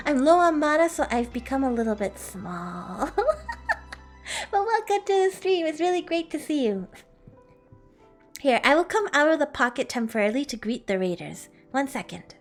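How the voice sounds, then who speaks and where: A woman's voice: high voice, big pitch swings, moderate pace, faint music behind. A woman livestreaming as a playful dragon persona, chatting casually with viewers and giggling often. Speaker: streamer.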